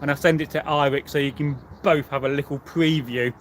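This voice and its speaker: A man's voice: on the high side, steady tone, brisk, a little hiss or hum. A man, a history channel host answering viewers in a rambling, casual live chat full of fillers. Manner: rambling and chatty, with many fillers and restarts.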